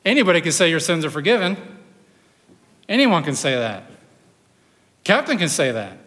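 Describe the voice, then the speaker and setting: A male pastor preaching an animated sermon, swinging from loud bursts to hushed storytelling. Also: on the high side, normal speed, long reverb tail.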